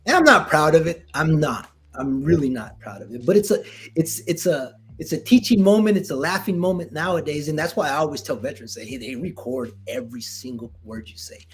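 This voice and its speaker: A middle-aged man, a retired Marine veteran, telling a story in casual conversation, animated and acting out dialogue with many restarts. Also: fairly high pitch, fairly quick, soft background music.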